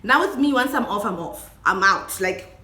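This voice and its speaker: A woman's voice: medium pitch, expressive, normal speed, pushed and bright. A young woman from Botswana, speaking English with a Botswana accent, tells a storytime vlog. She switches between English and Setswana and laughs often. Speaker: vlogger. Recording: echoey room.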